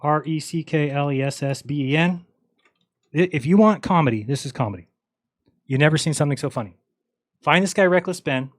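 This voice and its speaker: A man's voice: fairly high pitch, fairly quick, long pauses, dry recording. Blunt, mocking male livestream host. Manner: blunt, mocking, acts out quoted dialogue. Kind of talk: casual livestream rant.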